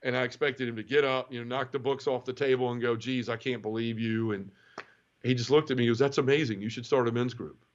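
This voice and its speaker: The recording is muffled, and the man speaks quickly in a medium pitch. He's being interviewed about his conversion, and his casual storytelling is frank, heartfelt and animated, with quoted dialogue acted out along the way.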